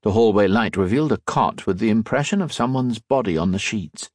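A man with a lowish voice narrates an audiobook from a script, keeping his storytelling steady and measured. The sound is clean studio audio, free of room sound.

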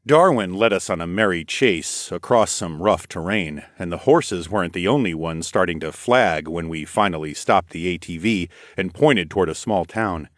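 A man reading an audiobook in first person with a steady, expressive delivery. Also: deep voice, normal speed, few pauses, no echo, clean studio sound. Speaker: audiobook narrator. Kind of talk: scripted narration.

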